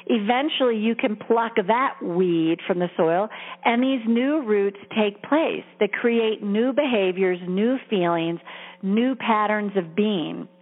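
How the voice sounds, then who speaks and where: A woman's voice: medium pitch, takes it slowly. A woman career coach talking in an earnest, encouraging, conversational way, heard over a tinny phone-like line with long reverb. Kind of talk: coaching talk.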